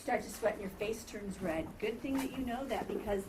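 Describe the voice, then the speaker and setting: A woman's voice: mid-range voice, a little fast. A woman teaching a first grade class, patiently asking questions and repeating students' answers back. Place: elementary classroom. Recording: distant mic in a noisy classroom.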